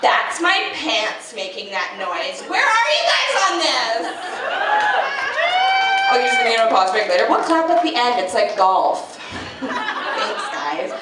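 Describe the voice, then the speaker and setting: Lively woman doing stand-up in an echoey club. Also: a little high, a loud crowd. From Canada. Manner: animated, quick and self-mocking, breaks into sung bits. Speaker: stand-up comedian. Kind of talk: stand-up comedy set. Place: nightclub stage. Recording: echoey club, distant mic, audience noise.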